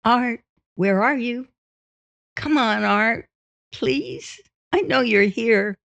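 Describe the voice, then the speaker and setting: A coy young newlywed wife, slow and soft, as a woman reader puts her on. Her voice sits higher and quieter than the narration, on a dull, dry recording. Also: vocal fry, no room sound, exaggerated voice. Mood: pleading. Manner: higher, softer voice for her pleading lines.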